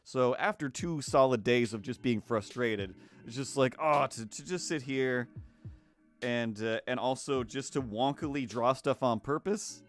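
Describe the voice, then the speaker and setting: A man's voice: medium pitch, measured pace. A Canadian man rambling casually on a live stream while he draws, self-mocking and full of fillers and restarts. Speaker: streamer and cartoonist.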